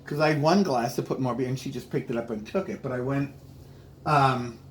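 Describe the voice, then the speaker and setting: A man telling rambling, halting anecdotes in a casual chat. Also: medium pitch, a little hiss or hum.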